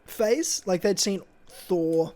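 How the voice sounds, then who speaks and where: A man's voice: high voice, slow, dark tone. A man co-hosting a casual podcast, telling a rambling, swear-filled story. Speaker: podcast co-host.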